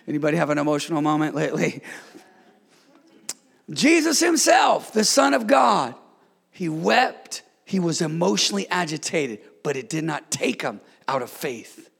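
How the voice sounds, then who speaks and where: Pastor, middle-aged man, gravelly and high-pitched, preaching in a church with long reverb. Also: very animated, moderate pace. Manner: call-and-response preaching, swings from hushed to shouted. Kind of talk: sermon. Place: church sanctuary.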